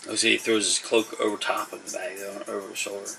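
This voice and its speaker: A man's voice: fairly low pitch, little pitch movement, quick pace, vocal fry, bright, forceful tone, distant mic, faint music behind, rough recording. A man narrating a tabletop game as game master, loose and rambling with fillers.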